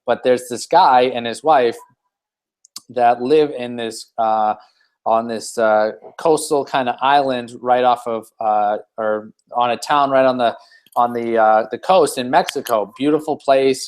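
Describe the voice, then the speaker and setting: A man's voice: mid-range voice, steady tone, a little slow, clean tone. Rambling man giving a motivational talk. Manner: rambling, many fillers and restarts. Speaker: team leader hosting a weekly hangout.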